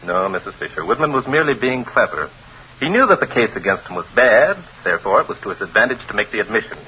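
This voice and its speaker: A man playing a calm, probing gentleman detective in a 1940s radio drama, measured and smooth. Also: on the low side, a little hiss or hum, low-quality recording. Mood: cool.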